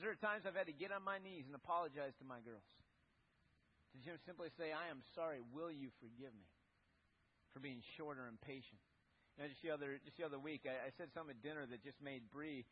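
A man's voice: sits high, breathy edge. A man preaching a sermon in an earnest, conversational way, often restarting his sentences. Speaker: pastor. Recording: echoey hall, dull lo-fi sound.

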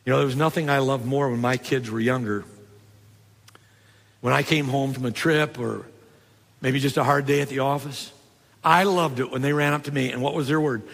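An older man preaching a sermon, telling stories in a conversational way and dropping low and soft for tender points. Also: fairly even intonation, normal speed, vocal fry, pauses often, in a large hall. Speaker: pastor.

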